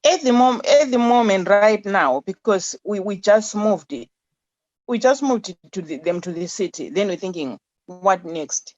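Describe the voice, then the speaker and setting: Halting woman on a dull remote line. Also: medium pitch, lively intonation, darkish tone, dry recording. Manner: halting, repeats words while searching. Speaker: charity founder, interview guest. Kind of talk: remote radio interview.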